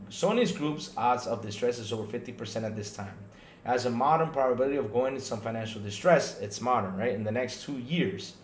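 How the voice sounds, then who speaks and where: A man hosting a casual gaming podcast stream, animated and talking straight to his viewers, often checking in with "right?". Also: mid-range voice, reverberant, slight background noise. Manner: animated, talks to chat viewers, lots of "right?" and restarts. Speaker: podcast host. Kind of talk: casual livestream podcast chat.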